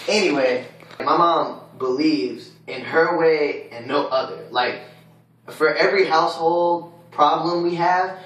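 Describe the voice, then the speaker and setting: A man's voice: a little high, distant mic, a little hiss or hum. A young man, a college student, telling stories about his family in a casual vlog from his dorm room. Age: young adult. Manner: loud slangy hype, then quieter storytelling. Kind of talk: casual vlog tour and storytelling. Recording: echoey room, voice off-mic.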